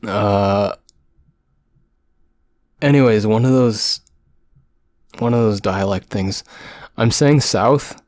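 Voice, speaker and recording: A man from Canada reading text aloud with halting, self-correcting delivery and apologetic spoken asides, his voice going hoarse, close to the microphone. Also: lowish voice, darkish tone, dry recording. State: voice going hoarse from long talking. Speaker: solo podcaster. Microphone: microphone close to the mouth.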